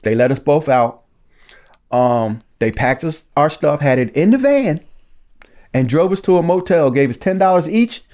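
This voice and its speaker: A man sharing his recovery story in casual conversation, lively and acting out the voices of the people in it. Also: on the high side, normal speed.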